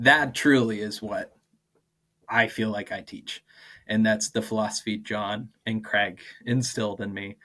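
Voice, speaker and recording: A man in his twenties, a martial arts and PE teacher, talking casually as a podcast guest in an animated way with lots of fillers and laughs. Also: on the low side. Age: 20s. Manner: animated, acts out quoted dialogue, many "like" fillers, laughs often. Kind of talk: casual interview storytelling.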